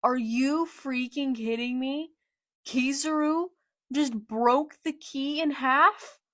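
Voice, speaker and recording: Woman gushing over a comic as she reads, unhurried delivery, dead dry sound. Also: sits high, no room sound. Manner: excitable, gushing, gasps and exclamations; reads character lines aloud plainly. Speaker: YouTuber reacting to manga. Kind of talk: live read-along reaction.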